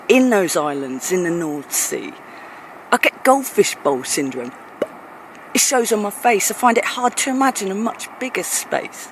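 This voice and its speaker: A woman's voice: mid-range voice, slight background noise. A woman with a London accent performing a rhymed spoken-word rap in a playful, rhythmic delivery. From England. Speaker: performance poet.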